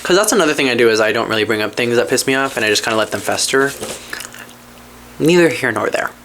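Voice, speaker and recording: A podcast host in casual storytelling chat, candid and full of swearing. The talk rambles through asides and restarts, dipping into low grumbles and springing up into excited highs. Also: quick pace, a little hiss or hum. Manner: animated, jumps between low mutters and excited highs.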